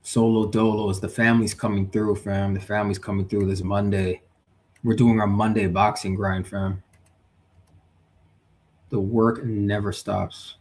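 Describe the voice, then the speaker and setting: A man's voice: lowish voice, gravelly. A man hosting a live stream, talking casually and with strong opinions, reading out viewer comments and arguing his points. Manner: animated, opinionated, reads chat aloud. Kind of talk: casual live boxing talk.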